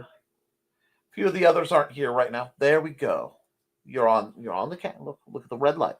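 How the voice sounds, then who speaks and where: A man's voice: medium pitch, expressive, measured pace, long pauses. A man hosting a casual live stream, chatting while he draws and talking to his cats in a sing-song voice. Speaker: host.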